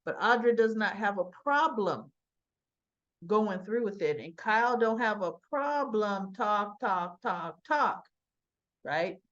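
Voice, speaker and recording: A woman talks through a soap opera episode in a casual, rambling way, acting out bits of dialogue along the way. Her pitch sits at a middling level, and the recording sounds dull and lo-fi. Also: expressive, takes it slowly, a bit bright. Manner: chatty, rambling retelling with acted quotes. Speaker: soap opera recap vlogger. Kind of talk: casual recap chat.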